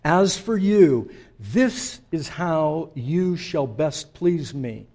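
A preacher puts on a pompous ancient Persian king, booming out his commands to his nobles. The voice rises above his usual speaking pitch and rolls out slow and grand, with a dark, mellow tone. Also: lively intonation, exaggerated voice. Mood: commanding.

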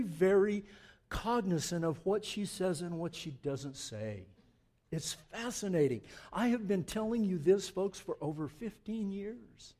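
A pastor delivering a sermon in a high-pitched voice. He pushes hard on his key points, then drops low for conversational jokes with the congregation. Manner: swings from loud emphatic preaching to low asides; joking, conversational.

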